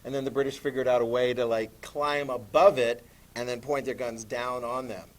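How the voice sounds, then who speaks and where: A man teaching a class, lively and animated, asking students questions as he lectures. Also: medium pitch, normal speed.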